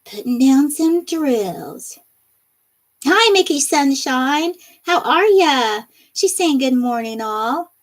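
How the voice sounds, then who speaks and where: A woman's voice: sits high, animated, slow. A woman hosting a live crafting stream from her home craft room, chatting and reading out viewer comments with frequent laughter. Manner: bubbly, laughs often.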